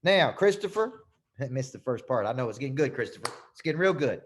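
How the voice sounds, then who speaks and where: A man's voice: medium pitch, fast talker, a little hiss or hum. A man, a business coach teaching a live webinar over a computer mic, getting worked up and repeating phrases for emphasis.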